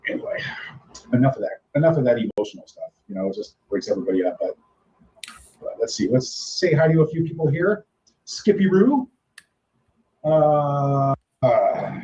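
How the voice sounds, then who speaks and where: A man's voice: medium pitch, dark tone. Man rambling on a muffled, echoey live stream. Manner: rambling, greeting viewers in chat. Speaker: livestream host. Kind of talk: casual live-stream chat. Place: home in the Philippines.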